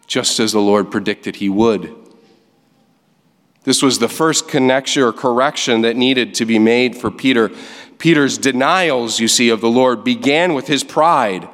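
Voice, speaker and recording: A man preaching a sermon, reading scripture aloud and explaining it with lively emphasis. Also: medium pitch, in a large hall. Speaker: pastor. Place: church sanctuary.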